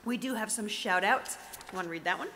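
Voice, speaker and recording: In a reverberant room with faint background noise, a middle-aged woman hosts morning school announcements with an upbeat, chatty, encouraging manner. Her medium-pitched voice moves at a quick pace and sounds pushed and bright.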